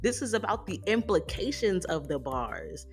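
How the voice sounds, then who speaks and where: A woman hosting a solo podcast, talking through a run of rhetorical questions in an animated, emphatic way. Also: mid-range voice, normal speed, faint music behind. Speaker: podcast host.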